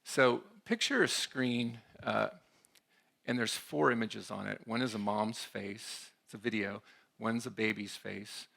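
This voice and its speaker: A man's voice: lowish voice, steady tone, a little slow, gravelly, pushed and bright. A man giving a conversational talk at a church conference, often checking in with the audience. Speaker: conference speaker.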